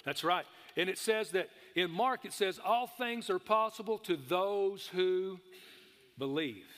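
A man's voice: sits high, lively intonation, slow, fairly bright tone, long reverb tail. A man preaching a sermon, emphatic, calling for amens and stretching out key words.

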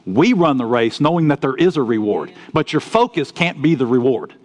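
A man preaching a sermon, telling folksy stories and swinging between loud outbursts and quiet asides. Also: mid-range voice, animated, moderate pace. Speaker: pastor.

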